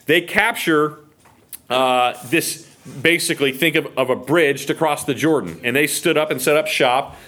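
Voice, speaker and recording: A man's voice: fairly high pitch, normal speed. A man with an American accent teaching the Bible verse by verse, acting out the quotes and checking in with listeners. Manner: animated, acts out quotes, asks listeners okay.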